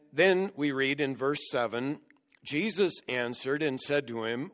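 Male preacher, mid-pitched, earnest expository delivery, walks the text verse by verse. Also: moderate pace, fairly bright tone. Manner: earnest expository teaching, explaining scripture verse by verse. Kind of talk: sermon.

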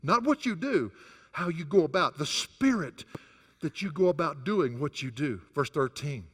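A man's voice: a little high, animated, normal speed, fairly bright tone, breathy edge, in a large hall. A male pastor preaching a sermon who swings his voice up and down hard for emphasis. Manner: rises and falls sharply for emphasis, chuckles between points.

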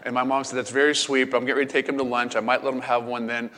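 A middle-aged man preaching a sermon as pastor, telling a family story in a playful, animated way. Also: mid-range voice, rapid-fire. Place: camp meeting hall. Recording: long hall reverb.

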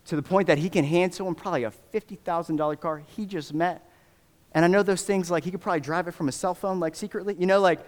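A man preaching a sermon, telling a story in a casual, animated way with many fillers and restarts. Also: on the high side. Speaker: pastor. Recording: long reverb of a church hall.

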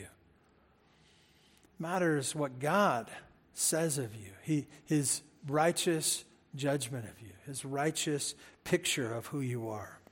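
A man preaching a sermon as pastor, emphatic and animated, repeating words for stress and speaking straight to the congregation. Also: a little high. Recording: hall reverb.

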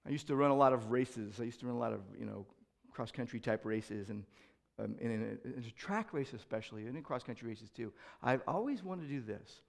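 A man preaching a sermon as pastor, repeating key phrases and asking rhetorical questions, moving between loud proclamations and quieter reflective asides. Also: medium pitch, lively intonation, brisk, vocal fry.

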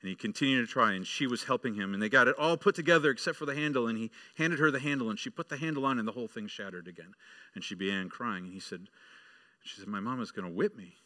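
A male pastor delivers a sermon with a bright, ringing tone. He speaks directly to the children in the room and tells them a story. He then builds to firm, emphatic preaching. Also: medium pitch, quick pace.

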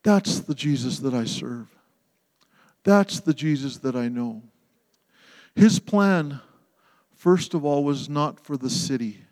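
A man preaching a sermon with passion, swinging between loud emphasis and hushed, tender passages. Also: mid-range voice, lively intonation, slow, long pauses. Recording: long hall reverb.

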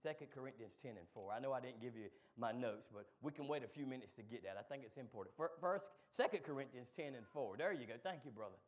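A man preaching a sermon, moving from quick low asides to loud, shouted call-and-response. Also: animated.

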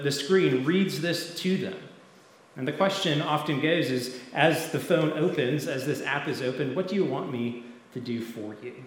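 A man preaching an earnest evening sermon in a church, often dropping to a hush at the ends of phrases. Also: fairly high pitch, a little hiss or hum. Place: church sanctuary. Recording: very echoey hall with long reverb.

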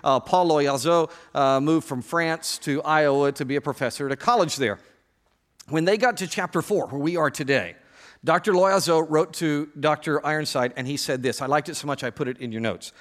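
Man, pastor, sermon, joking asides, direct address, higher-pitched voice. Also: moderate pace, fairly bright tone, long reverb tail.

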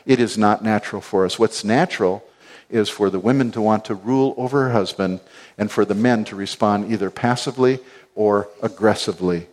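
Speaking briskly in a lowish voice, a middle-aged pastor delivers a sermon full of animated stories. He acts out quotes and laughs as he goes.

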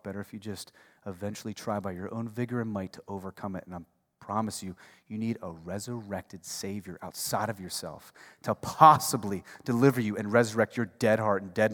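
A male pastor preaching a conversational sermon, swinging between hushed, intimate stretches and loud, fired-up passages. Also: lowish voice. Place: church sanctuary. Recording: long reverb of a large hall.

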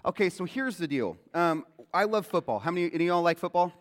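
A man preaching a sermon as pastor, animated and acting out quoted lines in a loud voice. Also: high voice, fast talker. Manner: animated, acts out quotes loudly. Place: church sanctuary. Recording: long hall reverb.

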